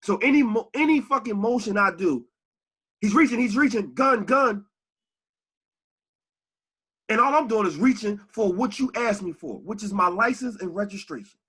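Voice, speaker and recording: Male podcast co-host, bright husky voice, very lively pitch, heated and profane. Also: fairly quick. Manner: animated, profane, rises to shouts when angry. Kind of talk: heated casual podcast talk.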